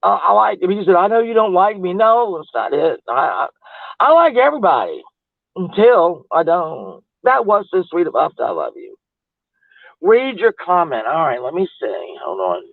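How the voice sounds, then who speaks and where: A woman's voice: fairly low pitch, huge pitch swings, moderate pace, gravelly, no echo. A woman livestreaming, chatting casually with viewers in a gossipy, rambling way and laughing often. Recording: tinny phone-like audio, dry.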